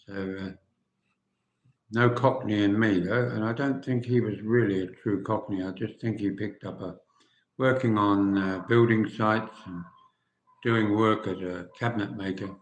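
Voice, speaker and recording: A man's voice: on the low side, fairly even intonation, measured pace, roomy sound, lo-fi sound. An older man from England hosting a live stream, chatting casually and answering viewer comments with dry humour. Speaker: livestream host.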